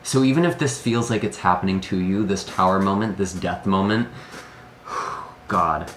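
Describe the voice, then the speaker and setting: This tarot reader's voice is low-pitched yet fairly bright, moving at a normal pace. Speaking to camera in an echoey room with slight background noise, the man delivers a heartfelt, emotional reading, frequently sighing as he pauses between ideas.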